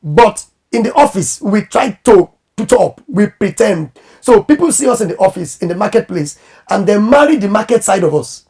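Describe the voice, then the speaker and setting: A man who is a pastor and marriage coach, giving animated advice in conversation and acting out quoted voices. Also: high voice, normal speed, breathy edge.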